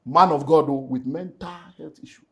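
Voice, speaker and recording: A middle-aged Nigerian man, a pastor, telling an earnest, animated personal story in an interview and slipping into Pidgin. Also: a little high, a little fast, creaky. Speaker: pastor and relationship speaker.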